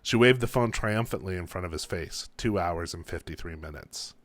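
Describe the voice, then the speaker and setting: A man, an author, reading his own story aloud in a calm, unhurried way. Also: deep voice, dry recording.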